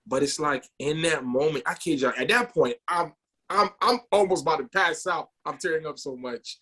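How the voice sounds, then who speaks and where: Animated storytelling man on a podcast. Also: a little high, normal speed, husky. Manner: animated, repeats words when wound up. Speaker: podcast co-host.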